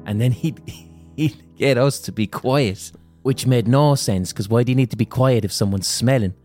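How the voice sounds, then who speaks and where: A man's voice: mid-range voice, normal speed, darkish tone, faint music behind. Crude, rambling man telling stories. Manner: rambling, crude, self-amused. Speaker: podcast host. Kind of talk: comic storytelling monologue.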